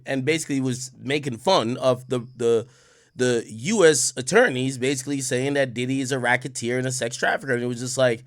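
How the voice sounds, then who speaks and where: A man streaming a reaction and retelling a lawyer's closing in a mocking, animated way. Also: mid-range voice, a little fast. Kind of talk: reaction commentary.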